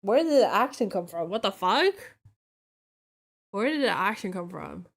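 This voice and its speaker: A woman's voice: mid-range voice, very animated, normal speed, creaky. A young woman streaming casually while tipsy, sleepy and rambling, swearing a lot. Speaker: vtuber streamer. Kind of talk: casual drinking stream chat.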